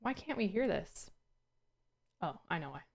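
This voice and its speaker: Speaking at a moderate pace in a lowish voice with wide swings in pitch, this woman chats casually on a stream. Her tone is playful and self-deprecating; she laughs frequently and lets out the occasional curse as she fumbles her words.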